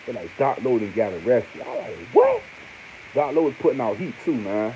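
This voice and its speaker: Man, casual commentator, animated and slangy, warm mellow tone, muffled with light hiss. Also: normal speed. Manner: animated, swings to high exclaims, heavy slang and repeated fillers. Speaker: online commentator. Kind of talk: casual monologue on hip hop news.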